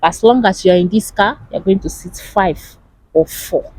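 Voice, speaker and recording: A young woman with a Nigerian accent, chatting casually to camera in an animated way and asking rhetorical questions. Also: mid-range voice, normal speed, no echo, low-quality recording. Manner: animated, asks rhetorical questions, laughs often. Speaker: vlogger.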